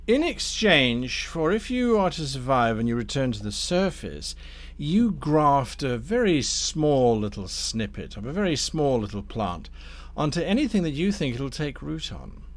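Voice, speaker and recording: A man voicing a smooth, scheming male devil dealmaker who talks with polite, silky menace. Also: medium pitch, big pitch swings, a little slow, voice pushed up.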